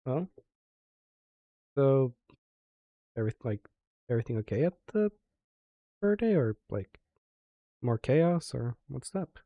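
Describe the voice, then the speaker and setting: A man's voice: mid-range voice, big pitch swings, slow, long pauses, warm tone, no room sound, lo-fi sound. A man streaming a game, chatting casually and friendly in role-play. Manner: easygoing, friendly, talks to his chat.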